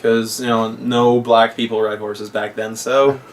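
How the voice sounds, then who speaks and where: A man's voice: mid-range voice, level tone, measured pace. A young man chats through a film's plot in a casual, rambling way, jumping into silly character voices. He sits a little back from the mic, and a faint hiss runs under the recording. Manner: rambling retelling, quoting characters in voices, laughs often. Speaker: podcast co-host. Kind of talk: casual movie review chat. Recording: distant mic with faint noise.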